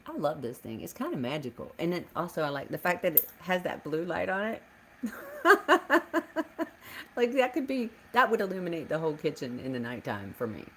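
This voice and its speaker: Live streaming from her home kitchen, a homestead vlogger chats casually with viewers, nervous and talkative as she talks herself through her worries. Her voice is lowish, with a little hiss or hum in the audio.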